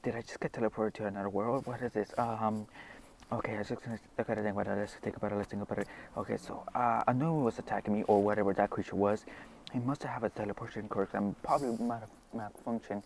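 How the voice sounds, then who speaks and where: A man's voice: lowish voice, fairly even intonation, quick pace, vocal fry, a little mellow, slight background noise. A man voicing a polite, flustered young male hero in a storytelling recording, speaking hesitantly and apologizing often. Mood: confused.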